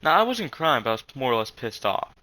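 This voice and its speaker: Rambling young man, bright tense voice. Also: medium pitch, very animated, low-quality recording. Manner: halting, swears a lot, many fillers. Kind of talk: casual rambling storytelling.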